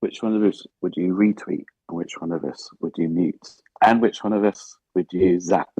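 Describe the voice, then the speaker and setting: Very low-voiced man asking playful questions. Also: fairly even intonation, moderate pace, dark tone, slightly rough, no room sound, low-quality recording. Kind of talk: casual chat.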